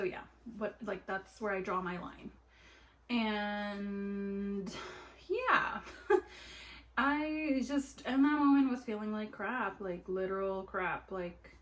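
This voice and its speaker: A young adult woman vlogging while she sews, telling a story in an animated way with lots of "like" fillers. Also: medium pitch, rough recording. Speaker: sewing vlogger. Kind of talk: casual chat while sewing. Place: at home at a sewing table.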